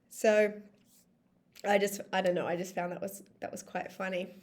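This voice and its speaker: A woman in her thirties coaching her viewers in a relaxed vlog monologue. She sounds chatty and emphatic, with a middle-pitched voice, and she swears casually to drive a point home. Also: moderate pace. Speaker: life coach.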